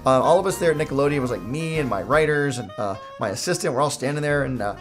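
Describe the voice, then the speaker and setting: A middle-aged man, a cartoon creator, telling a comic story in a playful, jokey way. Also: mid-range voice.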